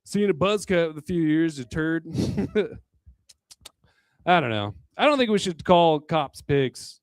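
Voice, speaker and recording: High-voiced crude rambling stand-up comic. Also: male voice, animated, takes it slowly, no room sound. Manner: crude, rambling, chuckles between jokes. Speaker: stand-up comedian. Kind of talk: stand-up comedy set. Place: live comedy venue.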